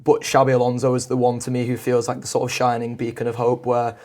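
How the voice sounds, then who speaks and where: Fast flat-voiced man talking football. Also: mid-range voice. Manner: fast, flat, earnest reasoning. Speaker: podcast panelist. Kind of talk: casual football podcast chat.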